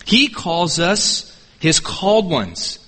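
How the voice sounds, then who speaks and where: A man's voice: high voice, big pitch swings, takes it slowly, pushed and bright. A man preaching a sermon as pastor, emphatic and repeating key words for weight. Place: church sanctuary. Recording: long reverb in a large church hall.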